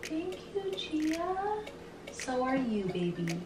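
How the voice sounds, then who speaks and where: A woman's voice: sits high, very animated, slow, darkish tone, distant mic, slight background noise. A woman, a mother and vlogger, chatting casually and playfully with her young daughter, saying "like" a lot. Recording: roomy sound from off the mic, music playing.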